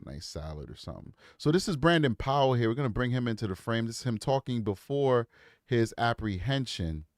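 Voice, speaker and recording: A man's voice: medium pitch, big pitch swings, brisk, dry recording, studio quality. A man hosting a live true crime show, chatting casually and breaking into impassioned tangents. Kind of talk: live-stream commentary.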